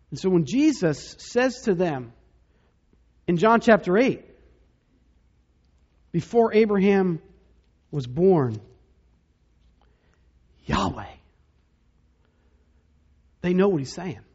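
A man preaching a sermon as pastor, dramatic, dropping to a hush to stress key points. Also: a little high, slightly rough, highs cut off. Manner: dramatic, drops to a hush for emphasis.

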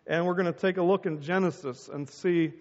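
A man's voice: fairly high pitch, brisk, darkish tone, big-room sound, muffled recording. A middle-aged man preaching a sermon as a pastor and telling stories with acted-out voices.

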